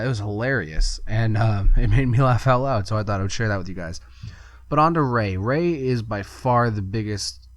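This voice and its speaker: A man's voice: on the low side, clean tone, no room sound. A man hosting a solo podcast, talking in a casual, rambling way with lots of fillers and the odd chuckle. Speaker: podcast host.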